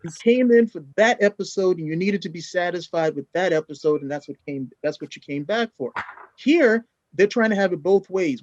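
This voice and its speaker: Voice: medium pitch, lively intonation, a little fast, a little mellow, no echo, dull audio. A co-host in a casual review chat, making emphatic, opinionated points. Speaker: podcast co-host.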